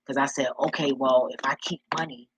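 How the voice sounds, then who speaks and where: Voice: mid-range voice, steady tone, fairly quick, background noise. A vlogger giving life advice in a casual monologue, blunt and profane, with a preachy street-talk manner.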